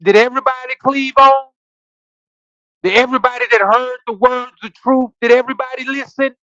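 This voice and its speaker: This Bible study livestream host has an extremely high, gravelly voice that's pushed and bright, fairly even in intonation and a little fast. Through his streaming setup, with no room sound and the highs cut off, he reads scripture aloud, riffs on it preachily with slangy asides, and quizzes his listeners.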